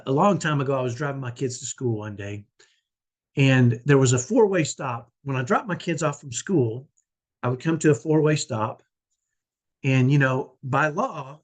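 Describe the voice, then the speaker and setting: A man talking about his life as a parent, telling a personal story in a conversational way and often tagging his sentences with "right?". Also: fairly high pitch. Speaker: parent vlogger.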